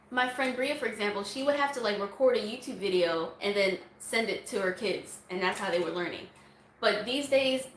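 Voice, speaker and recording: A talkative woman answers viewer questions in a loose, casual vlog, laughing easily as she goes. Her voice sits a little high and carries a noticeable echo from the room, with a faint hum of ambience behind it. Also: fairly bright tone. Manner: chatty, laughs often, breaks into song snippets. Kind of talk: casual Q&A chat.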